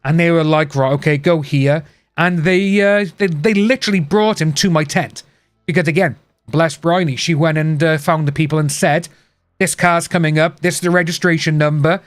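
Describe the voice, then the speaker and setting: A man's voice: fairly high pitch, normal speed, no echo. Man telling a rambling story. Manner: rambling personal storytelling with asides. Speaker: live-stream host. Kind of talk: casual live-stream chat.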